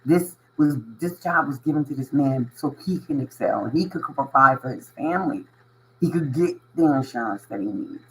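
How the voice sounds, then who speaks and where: With an expressive mid-range voice at a moderate pace, a man hosting a spiritual channel offers his viewers a casual motivational monologue. He's earnest and emotional, emphatic and repetitive, chuckling frequently and peppering in "you know what I mean." The audio is low quality with a little hiss or hum.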